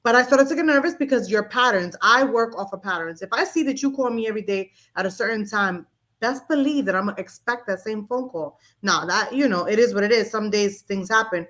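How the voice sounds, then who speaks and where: A woman co-hosting a podcast, telling personal stories in a blunt, animated way with casual swearing. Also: mid-range voice, brisk. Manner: blunt, profane, animated storyteller. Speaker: podcast co-host. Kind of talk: candid casual chat.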